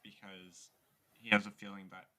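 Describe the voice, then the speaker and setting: A man's voice: on the low side, level tone, normal speed, bright, forceful tone. A young man narrating a tabletop game as game master in a loose, casual way, with lots of fillers.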